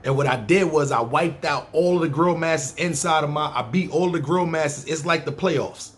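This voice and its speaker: A man's voice: on the high side, moderate pace, a little hiss or hum. A man with a New York accent telling a long personal story in a casual, profane, streetwise way, acting out other people's lines. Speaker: storyteller, podcast host.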